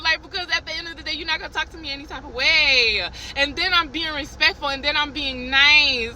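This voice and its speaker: Bright, high-voiced woman telling a heated story. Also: a little fast, few pauses, a little hiss or hum, rough recording. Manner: animated, heated retelling with many restarts. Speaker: vlogger telling a work story. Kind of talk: casual storytime.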